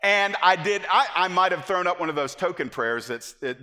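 Animated preacher in an echoey hall. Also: male voice, medium pitch, brisk, hardly any pauses. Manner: animated, acts out quotes, draws out key phrases. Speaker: pastor. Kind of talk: sermon. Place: church sanctuary.

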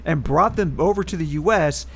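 A man with a slightly higher voice co-hosts a relaxed podcast. He works through a history segment, reading the facts, and breaks off into wry political commentary along the way. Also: normal speed, slight background noise. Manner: reads historical facts, then adds wry political asides. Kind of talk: casual podcast chat.

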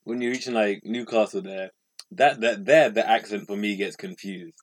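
A man co-hosting a podcast in casual chat, animated and quick to correct himself. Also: fairly low pitch. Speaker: podcast co-host.

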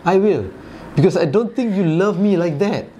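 A man's voice: high-pitched, lively intonation, normal speed, mellow, lo-fi sound. Malaysian man, 40s, casual rambling co-host, slightly raised voice, faint room hum. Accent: Malaysian English. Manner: rambling, laughs often, trails off with fillers. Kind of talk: casual chat.

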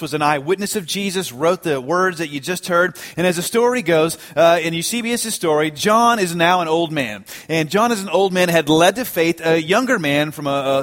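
A man preaching a sermon, telling a story with animated, emphatic delivery that builds to strong peaks. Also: sits high. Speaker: pastor.

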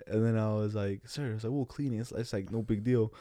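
A man's voice: on the low side, steady tone, quick pace, mellow, no echo. A young man telling a long story in casual, slangy chat, rambling with many restarts.

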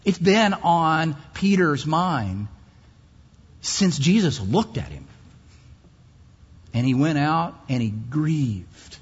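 A man preaching a sermon in an emphatic way, his pitch swinging widely, with long pauses. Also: very animated, breathy edge. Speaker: pastor. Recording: muffled hall recording.

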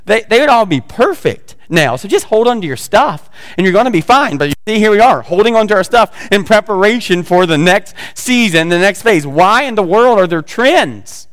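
High-voiced man preaching a conversational sermon. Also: expressive, fairly quick, a bit bright, big-room sound. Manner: conversational, joking asides to the congregation. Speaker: pastor.

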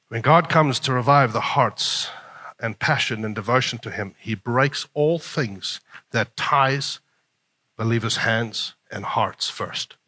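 A male pastor preaching a sermon in an animated way, often chuckling. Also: medium pitch, takes it slowly, pauses often.

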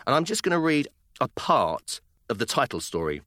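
Animated British dad podcast host. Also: male voice, medium pitch, moderate pace, soft background music. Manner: animated, expressive. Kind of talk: casual chat and storytelling.

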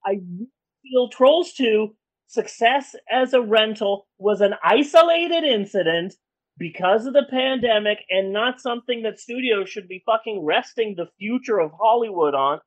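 Animated woman ranting on a podcast. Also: a little high, a little slow, low-quality recording. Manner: angry, profane ranting. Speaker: podcast co-host. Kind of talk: casual podcast rant.

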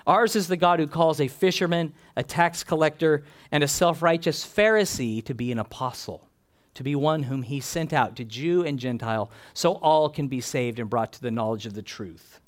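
A man preaching an expository sermon, reading scripture and building emphatic, animated lists. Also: fairly high pitch, moderate pace.

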